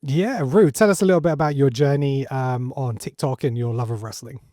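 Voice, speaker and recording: A man's voice: medium pitch, a little fast, dark tone, dry recording, studio quality. A middle-aged man hosting a podcast, introducing guests in a friendly, easygoing way. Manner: friendly, laughs often. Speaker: podcast host. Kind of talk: casual chat.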